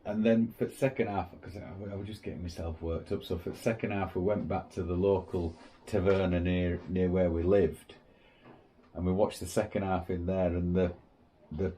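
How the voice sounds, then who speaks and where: A man's voice: sits low, a little hiss or hum, poor audio. A man, co-hosting a casual podcast and telling stories with plenty of swearing. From England. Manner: swears freely, animated storytelling. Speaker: podcast co-host. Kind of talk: casual chat.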